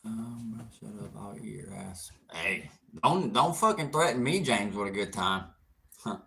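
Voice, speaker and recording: A man's voice: on the low side, expressive, slow pace, gravelly, bright, forceful tone. A young man hosting an outdoors livestream, answering viewer comments in a brash, teasing, profane way with frequent laughter.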